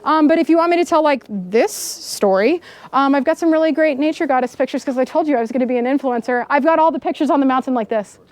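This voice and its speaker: A woman in her thirties giving a storytelling keynote speech, animated, laughing often and acting out the people in her story. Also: high-pitched, fast talker, no echo. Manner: animated, laughing, acts out dialogue. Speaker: keynote speaker. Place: outdoor camp gathering.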